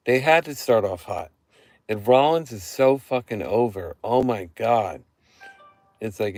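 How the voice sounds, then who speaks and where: A man talks into a handheld phone on a casual live stream. He rambles with excitement, swears freely and repeats himself. His voice sits at an ordinary middle pitch, and the sound is dry with no room echo. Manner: excited, profane fan rambling with repeated phrases. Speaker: wrestling show reviewer. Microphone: phone held in hand.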